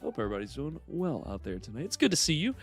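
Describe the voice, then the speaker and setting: A man's voice: a little high, big pitch swings, fast talker, gravelly, husky, faint music behind. A man hosting a livestream, chatting casually and rambling with lots of fillers. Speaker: livestream host. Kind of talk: casual chat.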